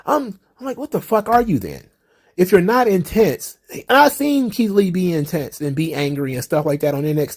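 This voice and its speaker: A man's voice: on the high side, a little mellow. A man hosting his own wrestling commentary channel, giving blunt, profane opinions in a casual talking style. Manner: blunt and profane, mocking acted-out exchanges.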